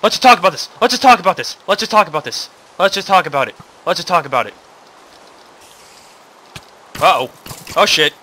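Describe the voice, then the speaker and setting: A man hosting a casual game playthrough, muttering to himself and then breaking into yelps and shouts. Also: high-pitched, animated, fairly quick, long pauses, slight background noise. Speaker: gaming channel host. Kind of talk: casual let's play commentary.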